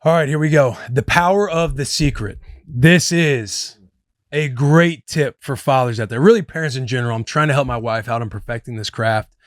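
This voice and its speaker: A podcast host in his thirties gives advice in loose, chatty talk, calling himself "your boy" and addressing listeners as "boys." His mid-range voice moves at a moderate pace, recorded in studio quality with no room sound.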